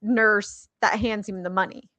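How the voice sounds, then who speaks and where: A middle-aged woman co-hosting a casual podcast, chatty and quick to add details and questions. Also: mid-range voice, steady tone, sharp tone, dry recording. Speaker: podcast co-host. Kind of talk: casual drunk movie recap.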